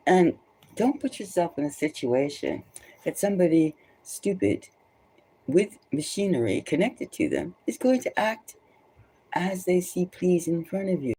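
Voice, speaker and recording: A tarot reader rambles through spoken commentary in a medium-pitched voice that swings widely up and down, moving at a measured pace. Her tone is warm with a breathy edge, and she talks emphatically and loosely, repeating phrases for stress. It's conversational, full of restarts.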